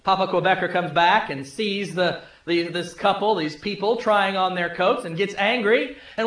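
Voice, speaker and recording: A male pastor preaching a sermon, telling a story conversationally and dropping low and soft for emphasis. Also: moderate pace, few pauses. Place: church sanctuary. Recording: echoey church room.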